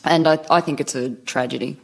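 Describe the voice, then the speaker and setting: An Australian woman on a comedy panel, making dry jokes in quick asides. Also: low-pitched, vocal fry. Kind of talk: comic panel banter. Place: radio studio with live audience. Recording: studio audience laughter, background noise.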